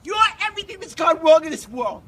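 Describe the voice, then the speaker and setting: A man's voice: very high-pitched, big pitch swings, fast talker, distant mic, very noisy. A man screaming a furious street rant.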